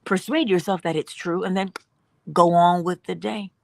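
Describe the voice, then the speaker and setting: A woman hosting a morning inspiration livestream, giving an animated spiritual talk and dropping at times into whispers. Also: on the low side, moderate pace, gravelly, no echo. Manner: animated, acts out dialogue in voices, drops to whispers.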